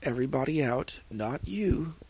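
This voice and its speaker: A man voicing a brisk, businesslike adult woman scientist in a fan fiction reading. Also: mid-range voice, expressive, darkish tone, slight background noise, close to an everyday voice.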